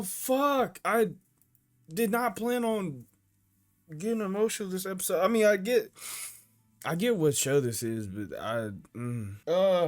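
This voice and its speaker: A man reacting to an anime episode in casual commentary. He is emotional and swears a lot, shouting at the screen and then stammering through quiet, halting thoughts. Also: medium pitch. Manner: exclaims loudly at the screen, then rambles quietly.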